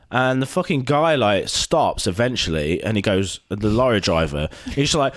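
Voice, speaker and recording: A British man with a low-pitched voice tells a story in a loose, sweary way and swings his pitch up and down a lot as he plays out the bits. The sound is dry and close, with no room around it. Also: normal speed, few pauses, no echo. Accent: British English. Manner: animated storytelling, heavy swearing, acts out quotes. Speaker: podcast co-host. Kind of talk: casual chat.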